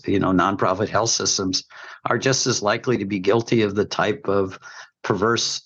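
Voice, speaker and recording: A man's voice: on the low side, fairly bright tone. A man giving emphatic, opinionated commentary on a podcast, with folksy sayings, heard over slightly muffled remote audio. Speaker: healthcare commentator.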